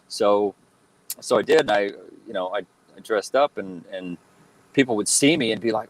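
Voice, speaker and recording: A man in his thirties, a guest telling stories in a relaxed interview, rambling with lots of fillers and restarts. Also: on the low side, normal speed, pauses often, no echo, low-quality recording. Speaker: guest, fan-film actor and cosplayer. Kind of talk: casual interview chat.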